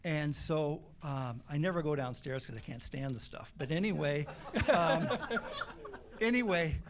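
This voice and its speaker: A man's voice: a little high, measured pace, a little hiss or hum. A man, a band member guest, telling funny stories in a casual interview in a community TV studio. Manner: joking, chuckles through his stories.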